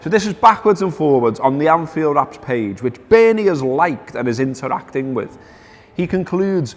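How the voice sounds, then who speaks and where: A man's voice: fairly high pitch, big pitch swings, moderate pace, long reverb tail. A man hosting a casual football chat, telling stories wryly, with lots of fillers. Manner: wry storytelling, reads out quotes, many fillers. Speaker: podcast host.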